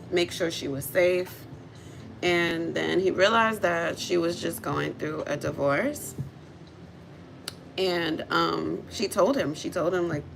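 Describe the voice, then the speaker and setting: A woman livestreaming, telling a story in a chatty, animated way. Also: fairly low pitch, creaky, poor audio. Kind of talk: casual storytelling chat.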